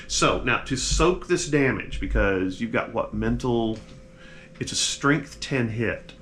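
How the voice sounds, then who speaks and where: A man running a tabletop game, narrating in halting bursts full of restarts. His pitch is ordinary for a man. A faint hiss sits behind him. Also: a bit bright. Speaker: game master.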